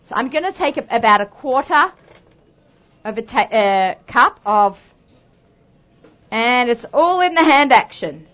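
A woman's voice: a little high, expressive, a little slow, pauses often, a bit bright. An Australian woman hosting a live cooking demonstration, talking chattily and upbeat with lots of asides. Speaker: cooking show host. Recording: dull lo-fi sound.

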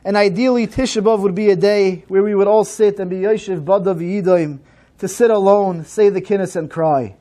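A man speaks at a synagogue program in a high voice. His delivery is slow and measured, the steady cadence of a solemn sermon. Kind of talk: solemn sermon-style talk.

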